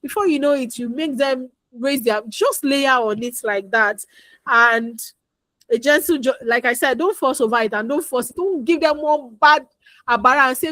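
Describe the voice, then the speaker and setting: Woman, parenting coach, fairly high voice, dry close sound, chatty and repetitive. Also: normal speed, pushed and bright, no room sound. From Nigeria. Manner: chatty, repeats advice, acts out dialogue. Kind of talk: instructional talk with anecdotes.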